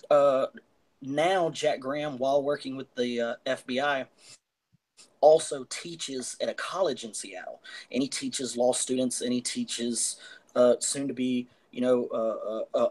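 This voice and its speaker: A man's voice: medium pitch, rough recording. A man talks through a movie plot on a casual film podcast. He rambles, piling up fillers and restarting his sentences as he goes. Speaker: podcast co-host.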